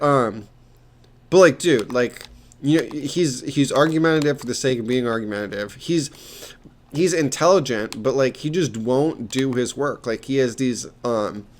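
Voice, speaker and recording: A young man rambles through stories from his job as a peer mentor, stumbling, restarting and dropping fillers as he goes. His voice sits at an average pitch, with soft keyboard clicks faintly audible behind him. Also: a little hiss or hum. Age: young adult. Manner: rambling, halting, many restarts and fillers, swears. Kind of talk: casual rambling storytelling.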